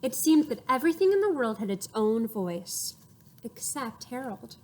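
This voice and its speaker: A woman reading a picture book aloud to children, expressive and playful, acting out sound effects and inviting her young listeners to join in. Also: fairly high pitch, normal speed. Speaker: storyteller for children.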